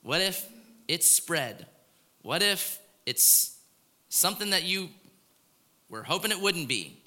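Bright-voiced pastor in an echoing hall. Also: male voice, high-pitched, sing-song, slow. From Florida. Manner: conversational, keeps asking "right?". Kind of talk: sermon. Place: large church hall. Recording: long hall reverb.

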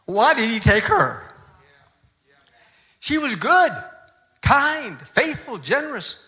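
A man's voice: fairly high pitch, fairly even intonation, moderate pace, gravelly, pushed and bright. A man voicing a crotchety old farmer in grief. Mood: anguished. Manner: anguished, rising outbursts. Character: grieving crotchety old male retired farmer.

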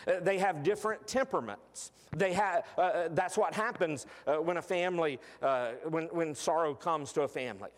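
A man's voice: a little high, normal speed, hardly any pauses, big-room sound. A man preaching a sermon in a conversational way, with frequent fillers and restarts.

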